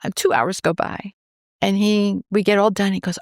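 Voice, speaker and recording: Her pitch is medium and her pace moderate, with studio quality and no room sound. She is a cancer researcher from New York, USA, who animatedly recounts a story in a podcast interview, voicing the people involved.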